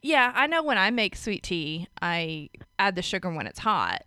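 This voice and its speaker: A woman co-hosts a loose podcast chat. Her voice is bright and her pitch moves a lot. She laughs often and swears in passing, and the sound is dry and close. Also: sing-song, moderate pace, clear, resonant tone, no echo. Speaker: podcast co-host. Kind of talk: casual chat.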